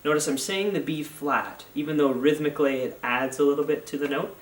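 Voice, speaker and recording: A man's voice: fairly high pitch, a little fast, far from the mic. A male music teacher explaining practice strategies in a patient, instructional way, often using fillers as he counts off and chants note names. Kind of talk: instructional video lesson. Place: school band room. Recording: echoey room, off mic.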